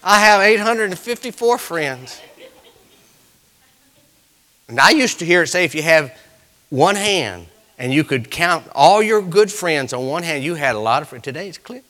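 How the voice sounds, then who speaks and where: A pastor preaching with a bright, ringing tone. His pitch leaps and dips all over as he tells homespun stories, and he builds up to loud bursts. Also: expressive, normal speed. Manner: folksy storytelling preaching, swelling to shouts. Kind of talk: sermon.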